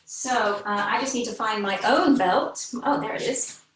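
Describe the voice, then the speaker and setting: A yoga teacher with a British accent, a little short of breath, guiding a slow, gentle relaxation class with reassuring words. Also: female voice, a little high, a little hiss or hum. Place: home room, online class. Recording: roomy sound from a distant mic.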